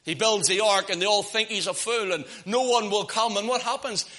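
A man with a high, bright, ringing voice preaches a sermon. He presses hard on key phrases, then drops to hushed asides and slows right down. At times he drifts a little away from the mic. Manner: impassioned, swings from loud emphasis to hushed asides.

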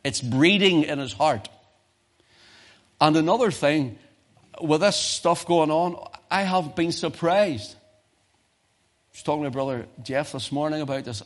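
A man with a British accent preaching a sermon, moving from quiet low musing to loud, high-pitched exhortation. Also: measured pace, long pauses.

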